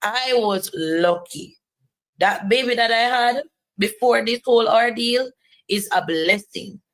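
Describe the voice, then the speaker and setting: A woman's voice: on the high side, slow pace, fairly bright tone, rough recording. A woman giving earnest personal testimony, driving points home by repeating phrases.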